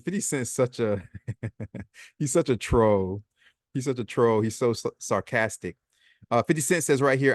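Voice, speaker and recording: A man's voice: medium pitch, lively intonation, a little slow, no room sound, studio quality. A man hosting a casual commentary vlog, chatty and sarcastic, reading posts aloud and adding his own comments. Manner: chatty, sarcastic, repeats himself. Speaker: host.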